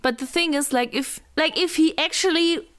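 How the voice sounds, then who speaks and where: A woman with a slightly high voice co-hosts a casual book chat. She talks in an animated way, often giggling and trailing into fillers. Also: moderate pace. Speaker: podcast co-host.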